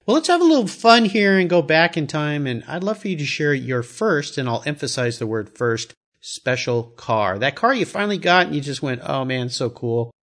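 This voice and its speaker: A man's voice: a little high, very animated, a little fast, few pauses, fairly bright tone. A man hosting a casual interview, enthusiastic and encouraging toward his guest. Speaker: host.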